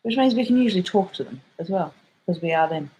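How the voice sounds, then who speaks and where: A woman's voice: fairly low pitch, expressive, quick pace, mellow, low-quality recording. A middle-aged woman with an Australian accent, telling a rambling story for her vlog in a chatty way, full of slang and the odd swear word. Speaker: vlogger.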